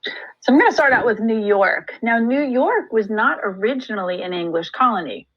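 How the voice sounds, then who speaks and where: A woman's voice: a little high, animated, moderate pace, slightly rough, highs cut off. A woman history teacher giving a recorded lesson, chatty and full of joking asides. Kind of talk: classroom lesson screencast.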